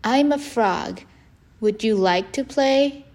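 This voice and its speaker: A woman's voice: a little high, slow pace, darkish tone. A woman voicing a small, eager young male frog in a children's storybook.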